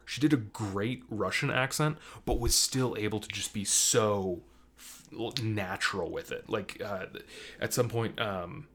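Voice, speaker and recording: A young man chats on a podcast in a slightly low voice. He rambles and restarts, stacking fillers, and gets animated as his rant builds. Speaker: podcast co-host. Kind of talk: casual podcast chat.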